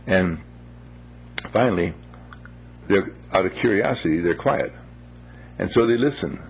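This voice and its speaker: A man telling a moral story in a gentle, unhurried, folksy way, with homely phrases. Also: deep voice, a little hiss or hum.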